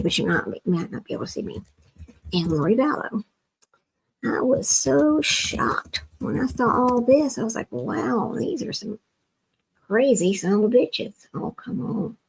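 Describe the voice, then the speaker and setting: A woman's voice: on the high side, creaky, darkish tone, husky, low-quality recording. A woman hosting a livestream in a casual chat, talking to herself while she works her screen, often dropping to a near whisper. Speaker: livestream host.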